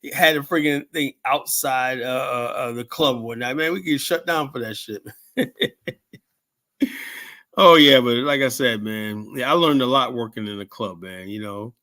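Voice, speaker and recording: A man's voice: mid-range voice, moderate pace, few pauses, sharp tone. Rambling, foul-mouthed man in his fifties. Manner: profane, rambling, heavy fillers and restarts. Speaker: show host telling stories. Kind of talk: rambling casual storytelling.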